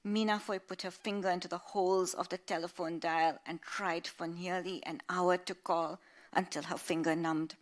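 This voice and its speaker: A woman author reading her own novel aloud in a measured, expressive way. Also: on the low side.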